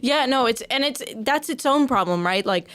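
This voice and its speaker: A young woman co-hosting a casual podcast, often chiming in with quick "yeah"s. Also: sits high, lively intonation, a bit bright, smooth. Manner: frequent quick agreeing interjections. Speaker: podcast co-host. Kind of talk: casual chat.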